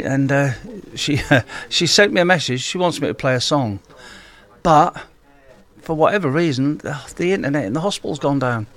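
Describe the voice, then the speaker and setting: A man, presenting local radio and chatting informally through traffic news. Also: a little high. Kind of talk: live radio traffic update and chat.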